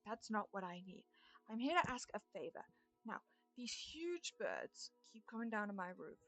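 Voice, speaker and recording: A woman's voice: mid-range voice, big pitch swings, normal speed, gravelly, pushed and bright, soft background music, exaggerated voice. A woman voicing a chatty, scatterbrained elderly woman who rambles, fusses and calls people dear. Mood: rambling.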